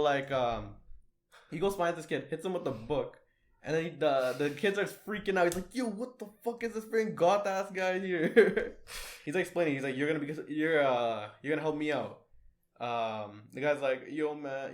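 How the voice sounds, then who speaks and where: Rambling young man retelling a plot. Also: on the high side. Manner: rambling, many fillers and restarts, acts out lines in quotes. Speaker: podcast co-host. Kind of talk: casual chat, retelling an anime plot.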